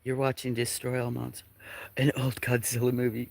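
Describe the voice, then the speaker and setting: A man's voice: medium pitch, steady tone, normal speed, gravelly, fairly bright tone, dry recording. A man hosting a casual outdoor farm livestream, sniffling a little and rambling as he greets viewers from chat by name, now and then dropping to a whisper. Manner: rambling, friendly, reading chat names aloud, sometimes whispering. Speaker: livestream host. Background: birds.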